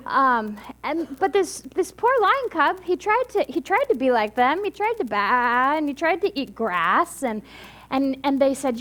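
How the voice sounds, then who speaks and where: A woman minister gives a relaxed weekly talk, telling a parable in a loose, chatty way. She talks in a high voice, often stopping and restarting her sentences. Now and then she laughs at her own telling. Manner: chatty and halting, with many restarts, laughing at herself. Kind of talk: sermon with storytelling.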